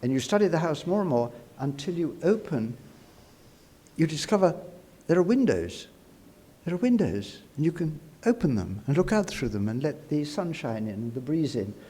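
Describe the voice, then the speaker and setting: A man giving a prepared speech into a microphone at a university congress, measured and reflective, with frequent "uh" fillers. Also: on the high side, big pitch swings, mellow, husky. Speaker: award-winning speaker at an academic congress. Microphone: speaking into a podium microphone.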